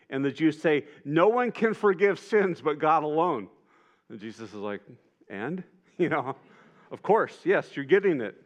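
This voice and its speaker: A man preaching a sermon in a conversational, animated way, acting out the lines he quotes. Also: mid-range voice.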